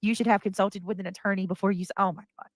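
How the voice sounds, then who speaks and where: Fast-talking Southern woman livestreamer. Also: mid-range voice, steady tone, no echo. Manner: chatty, reads out viewer names. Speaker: livestream host. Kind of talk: casual live chat.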